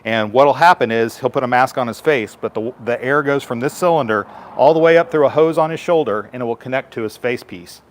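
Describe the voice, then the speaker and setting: A man's voice: mid-range voice, a little fast, hardly any pauses. A man, a firefighter, giving a live station tour and patiently explaining equipment to children in simple terms.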